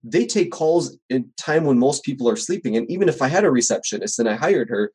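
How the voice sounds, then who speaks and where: A husky-voiced man talks quickly in a casual podcast chat, dropping into other people's voices as he tells stories about his small contracting business. His tone is mid-pitched and conversational, full of little asides. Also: poor audio. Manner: animated storyteller, acts out quoted voices. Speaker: home service contractor guest.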